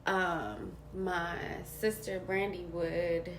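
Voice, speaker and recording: Slow-talking woman in an echoey room. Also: on the low side, lively intonation. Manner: candid and slangy, drops to near whispers and rises to laughing emphasis. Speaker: vlogger sharing a personal story. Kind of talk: casual personal storytelling. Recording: roomy with faint background hiss.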